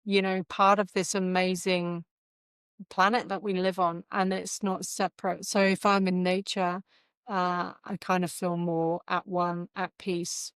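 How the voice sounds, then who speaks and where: Smooth-voiced earnest woman yoga teacher. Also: fairly low pitch, flat delivery, measured pace, no room sound. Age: middle-aged. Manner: gentle, earnest, reflective. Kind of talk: casual interview chat.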